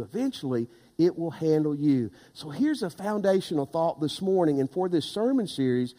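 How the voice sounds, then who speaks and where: High-voiced preacher in an echoing hall. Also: male voice. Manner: impassioned, rising to loud emphatic preaching. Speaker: pastor. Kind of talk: sermon.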